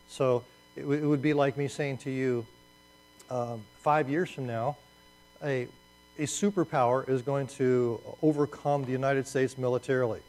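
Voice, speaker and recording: A man preaching a conversational sermon with slides, animated and restarting phrases as he goes. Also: medium pitch, moderate pace, poor audio. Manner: animated, repeats words as he restarts. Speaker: pastor.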